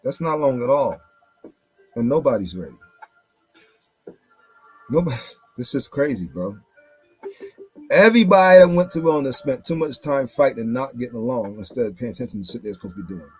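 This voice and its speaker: Male host, mid-pitched husky voice, emphatic profane rant, soft music bed. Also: animated, a little fast, pauses often, dry recording. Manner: emphatic and blunt, swears, repeats for stress. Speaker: commentary show host. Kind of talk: casual monologue.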